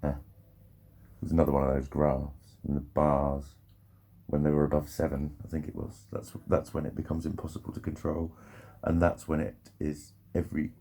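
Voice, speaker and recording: A man with a very deep, gravelly voice that carries a husky edge. He talks in a loose, rambling vlog monologue, swearing freely and interrupting himself. The tone stays dark and mellow throughout. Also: monotone, normal speed. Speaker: vlogger.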